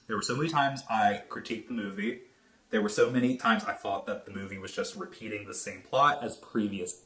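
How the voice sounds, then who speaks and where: A man rattles through a casual movie review in a bright, forceful voice, animated and swearing freely. He talks fast and with a lot of energy, never slowing into a formal tone. The sound is roomy, with a clear echo from the space around him. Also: lowish voice. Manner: animated and heavily profane, talking fast. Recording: echoey room.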